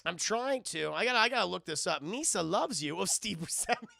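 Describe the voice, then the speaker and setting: A man's voice: high-pitched, lively intonation, brisk, gravelly, sharp tone. A man hosting a livestream in casual, giggly chat, swearing and talking to his chat. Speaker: livestream host.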